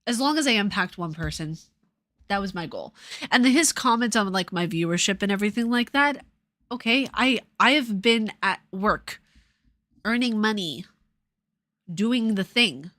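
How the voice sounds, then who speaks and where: A woman's voice: mid-range voice, animated. Sarcastic New York-New Jersey woman streamer. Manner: sarcastic, profane, quick swings between loud and muttered. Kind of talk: casual livestream chat.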